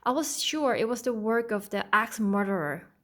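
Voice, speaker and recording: A woman's voice: on the high side, lively intonation, normal speed, lightly acted. A woman reading as a nervous young girl. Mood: relieved. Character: anxious, fearful young girl.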